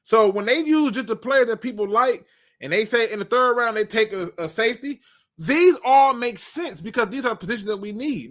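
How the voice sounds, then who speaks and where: Lively, high-voiced man talking football. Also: normal speed. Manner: animated, joking, colloquial. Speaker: sports show host. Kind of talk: live-stream football draft talk.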